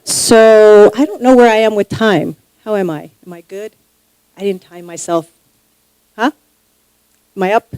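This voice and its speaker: A woman from New York doing stand-up comedy on a live stage. She talks haltingly and self-deprecatingly, often repeating herself and restarting her lines. Her voice sits at a middle pitch with dry, close sound. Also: steady tone, a little mellow, clear, resonant tone, no room sound, rough recording. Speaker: stand-up comic. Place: stage before a live audience.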